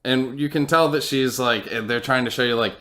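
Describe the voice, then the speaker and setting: A man's voice: medium pitch, moderate pace, fairly bright tone. A man co-hosting a casual podcast, recapping a TV episode in a rambling way with lots of fillers and laughs. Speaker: podcast co-host.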